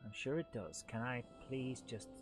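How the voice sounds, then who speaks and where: A man's voice: mid-range voice, fairly even intonation, normal speed, over music. A man hosting a live gameplay stream, talking in an exasperated, grumbling way as things go wrong.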